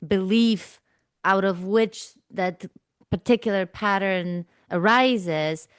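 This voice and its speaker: A woman host with a smooth, clear voice at a middle pitch speaks in a dry, close recording. She shares personal experience in a searching, tentative way, hedging often as she feels her way through each thought. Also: slow pace, no echo. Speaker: podcast host. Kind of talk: reflective spiritual conversation.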